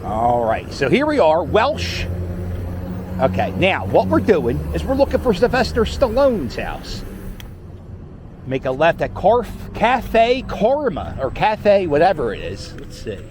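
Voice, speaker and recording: Sitting high in pitch with huge swings, this middle-aged man's voice moves at a measured pace as he rides a scooter through the city. The Philadelphia vlogger's casual chat rambles along with jokes and cursing, with faint street noise present.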